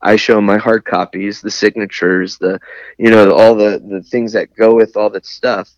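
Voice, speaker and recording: A man's voice: lowish voice, level tone, normal speed, no echo, highs cut off. A man, a Navy veteran, telling a long personal story in casual, candid speech with wry humor. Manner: candid, wry, laughs at his own anger. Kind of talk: conversational storytelling.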